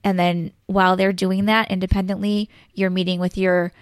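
A woman's voice: medium pitch, little pitch movement, normal speed, no echo, clean studio sound. A woman, an elementary school teacher, explaining classroom routines step by step in casual chat, full of "so, like" fillers.

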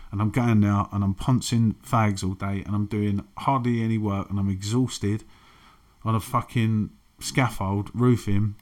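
A man's voice: on the low side, fairly even intonation, unhurried, a little mellow. A man, frankly telling his own recovery story and swearing freely. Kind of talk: candid personal testimony.

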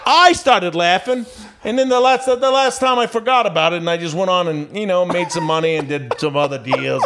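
A man as a podcast guest, telling a story in an animated, profane way and laughing as he goes. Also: high-pitched, fast talker, noisy background. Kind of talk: casual storytelling.

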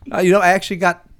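A man's voice: high-pitched, fairly bright tone. A man hosting a podcast in casual chat, talking about his week with enthusiasm and often restarting his sentences. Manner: chatty, enthusiastic, stumbles and restarts as he talks. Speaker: podcast host.

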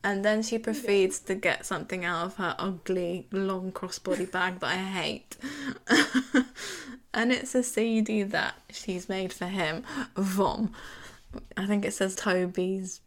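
A woman's voice: medium pitch, steady tone, slow. Sarcastic woman podcast co-host. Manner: sarcastic, swearing, giggly. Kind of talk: casual recap chat.

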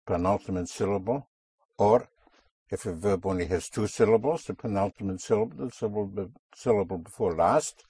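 A man's voice: on the low side, dark tone, husky, no echo. A man teaching a language class, patiently drilling words and correcting pronunciation.

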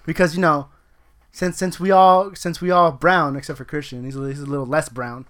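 A man with a bright, forward voice chatting casually on a podcast. He jokes about himself and laughs through much of what he says. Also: a little high, fairly even intonation, fairly quick. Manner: laughs often, jokey and self-mocking. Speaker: podcast co-host. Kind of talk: casual joking chat.

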